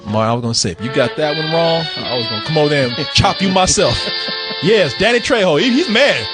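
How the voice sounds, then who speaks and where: A man's voice: on the high side, expressive, fast talker, loud music behind the voice. A man running a playful quiz in casual podcast chat, teasing his co-host and laughing often.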